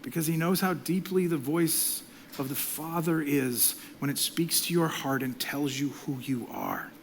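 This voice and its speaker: A middle-aged male pastor preaching a sermon, swinging from loud, impassioned lines to hushed whispers. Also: a little high, measured pace, a little hiss or hum.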